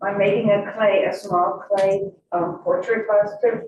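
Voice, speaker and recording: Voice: mid-range voice, flat delivery. A meeting member hesitantly offering to teach a workshop, in casual remarks. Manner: hesitant, slow. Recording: far, muffled, very echoey room, clear noise.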